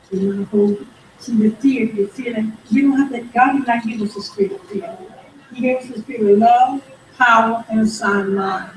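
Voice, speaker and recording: A woman's voice: on the high side, slight background noise. Lady w/ aave teaching bible study, calls for amens, sounds far off in a big room. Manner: animated, calls for amen, reads scripture aloud. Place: church room. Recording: roomy, distant mic, faint background.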